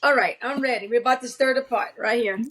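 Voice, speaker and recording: A woman's voice: fairly high pitch, fast talker, crowd noise. A woman in her forties from South Louisiana with a thick Cajun accent, chatting as a podcast guest and telling stories. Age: 40s. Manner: lively storyteller with a thick drawl. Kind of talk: casual chat.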